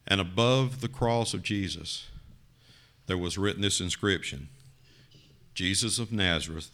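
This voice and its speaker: Preacher telling a dramatic story. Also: male voice, unhurried. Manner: dramatic, rising to loud emphasis then dropping low. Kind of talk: sermon with storytelling.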